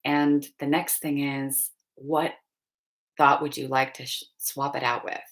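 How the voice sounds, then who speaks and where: A woman coaching on a casual live stream, chatty and meandering, with frequent soft laughs and lots of "you know.". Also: rumbling low, level tone, measured pace. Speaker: fertility and pregnancy coach.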